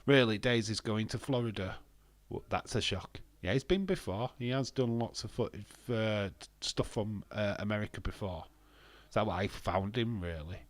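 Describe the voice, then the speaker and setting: Excitable man on a live stream. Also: on the low side, moderate pace, dry recording. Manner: excitable, laughing, swearing, chatty. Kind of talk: casual live stream chat reading viewer comments.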